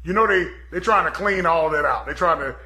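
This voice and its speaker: Bright-voiced joking male podcast host. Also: fairly high pitch, fairly quick. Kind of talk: casual chat.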